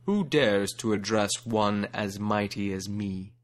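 A man's voice: fairly low pitch, slow pace. A man playing a proud, mighty elephant king. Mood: haughty.

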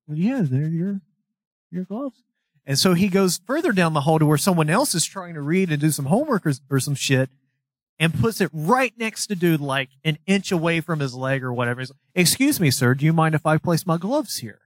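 A young man on a casual podcast, rambling through a story with plenty of swearing and laughter. His voice sits a little high for a man. The sound is dry and close, with no room around it. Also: no room sound. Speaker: podcast co-host. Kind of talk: casual chat.

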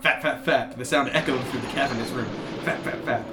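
A man's voice: medium pitch, fairly even intonation, fairly quick. A man hosting a comedy podcast, reading a silly story aloud and breaking into laughter. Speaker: podcast host. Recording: echoey room with loud background hum.

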